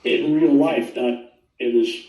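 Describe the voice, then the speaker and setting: An older man casually telling his near-death story in a rambling, animated way, acting out the voices he quotes. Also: mid-range voice, slow, vocal fry. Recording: roomy sound, distant from the mic.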